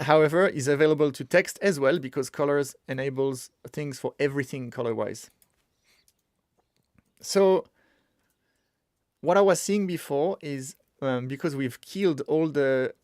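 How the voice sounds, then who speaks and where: A man hosting a casual live coding stream, talking excitably and thinking aloud with frequent restarts. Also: medium pitch, no echo, studio quality. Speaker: streamer teaching web development.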